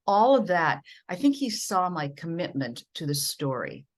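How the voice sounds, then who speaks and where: A woman's voice: fairly low pitch, very animated, moderate pace. A middle-aged or older woman from Minnesota, a veteran TV news journalist, telling career stories earnestly and emphatically in an interview. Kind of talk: conversational interview storytelling.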